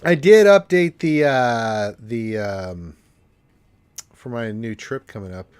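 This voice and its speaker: A man's voice: medium pitch, takes it slowly, a little mellow, clear, resonant tone. A congested man with allergies, hosting a casual gaming livestream and rambling with cursing asides. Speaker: livestream host.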